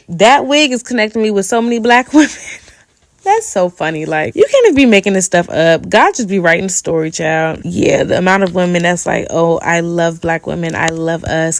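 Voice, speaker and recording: A woman's voice: medium pitch, creaky, no echo, studio quality. A young woman hosting a casual solo podcast, chatting with playful slang and laughing as she goes. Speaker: podcast host.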